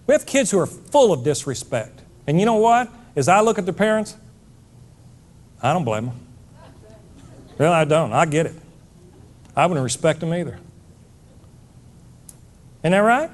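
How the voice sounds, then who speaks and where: Man, middle-aged, keynote speech, blunt, emphatic, talks to the crowd as folks, high voice. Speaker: motivational speaker. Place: stage before a live audience.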